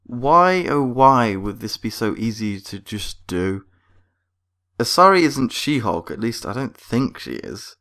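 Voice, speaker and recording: A man delivers a scripted critique of a cartoon episode in a sarcastic, exasperated tone. His voice sits at an ordinary middle pitch. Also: big pitch swings, measured pace, pushed and bright. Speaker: video reviewer.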